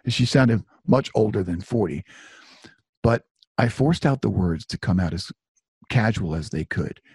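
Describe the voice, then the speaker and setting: A man's voice: low voice, expressive, a little slow, darkish tone, husky, no echo, studio quality. A middle-aged man telling a personal story in a conversational, self-deprecating way, full of asides. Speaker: author and storyteller.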